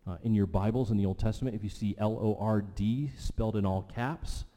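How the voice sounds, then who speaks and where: Mellow-voiced man preaching in reverberant hall. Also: brisk. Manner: storytelling preaching, drops voice low for emphasis. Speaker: pastor. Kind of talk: sermon.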